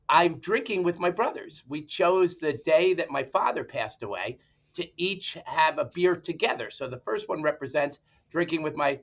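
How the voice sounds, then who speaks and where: A man's voice: a little high, fairly bright tone. A middle-aged man co-hosting a podcast, casually chatting and telling a joke in a playful way. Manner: playful, jokey. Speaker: podcast co-host, joke teller. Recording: muffled remote audio.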